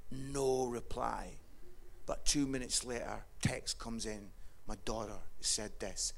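A middle-aged Scottish man preaching a sermon, telling funny family stories, dropping to a hush, then rising to loud excited shouting. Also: medium pitch, measured pace, creaky. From Scotland. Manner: humorous storytelling, swings from hushed to shouting.

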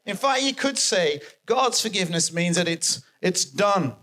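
A man preaching a sermon, animated and emphatic, repeating his key phrases for effect. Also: high voice, a little slow.

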